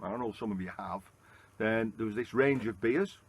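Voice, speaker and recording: A Lancashire man with a fairly low, husky voice at a moderate pace narrates a casual walking travel vlog. He tells a rambling, chatty story peppered with "uh"s, first out on a town street and then inside a pub.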